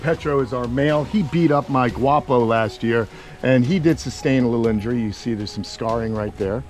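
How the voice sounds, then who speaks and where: A man's voice: medium pitch, fairly quick, a little mellow, faint music behind. A man hosting a casual, enthusiastic walking tour of outdoor animal enclosures, talking with lots of fillers. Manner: chatty and enthusiastic, many fillers. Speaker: reptile sanctuary owner and host.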